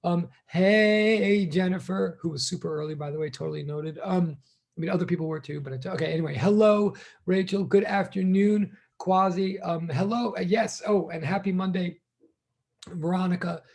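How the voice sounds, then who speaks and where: Chatty man with a high, gravelly voice. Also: steady tone, normal speed, darkish tone. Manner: chatty, rambling, self-interrupting, greets students one by one. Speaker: college teacher. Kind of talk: casual online class greeting. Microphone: video call.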